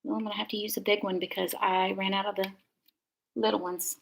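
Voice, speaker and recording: A woman's voice: medium pitch, little pitch movement, quick pace, creaky, rough recording. A middle-aged woman, chatting and rambling casually while she demonstrates card making on a live stream. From Georgia, USA. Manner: chatty, rambling, warm asides.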